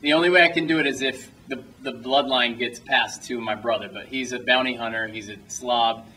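Far from the mic on a rough recording, a young man answers questions from a small audience in a cinema auditorium after screening his film. He talks briskly in a medium-pitched, steady voice that sounds pushed and bright. His answers ramble into loose anecdotes, full of self-interruptions, restarted sentences and frequent laughter.

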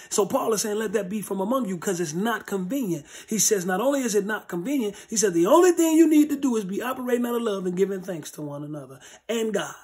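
Husky, high-voiced man teaching Bible study. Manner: blunt, street-level plain talk; emphatic, repeats phrases for stress. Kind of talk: informal Bible study preaching.

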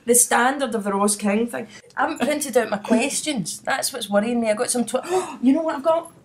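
A middle-aged woman with a Scottish accent, hosting a podcast in a lively, rambling, chatty way with frequent laughter. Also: a little high, fairly quick, a little hiss or hum. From Scotland. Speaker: podcast host. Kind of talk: casual chat.

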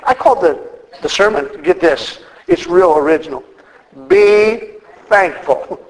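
A man's voice: on the high side, big pitch swings, normal speed, poor audio. A man preaching a sermon as the church's minister, folksy and joking.

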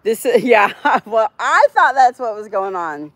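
A woman's voice: on the high side, big pitch swings, a little slow, a bit bright, no room sound. A woman from Florida hosting a casual live stream, chatting and laughing as she reads out viewers' messages. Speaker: livestream host. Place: home in Florida.

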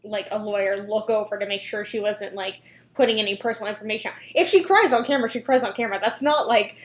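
A woman's voice: medium pitch, fast talker. Young woman rambling and giggling, reacting to clips, roomy echo. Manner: chatty, giggly, lots of fillers and restarts. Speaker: reaction video host. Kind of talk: casual reaction commentary.

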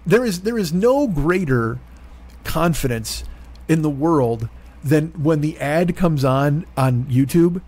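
A man in his forties riffs alone in a comedy monologue, his voice sitting a touch higher than most men's. He rambles, swears freely and works himself into exasperated rants. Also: animated, slow pace, a little mellow. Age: 40s. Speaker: comedian host.

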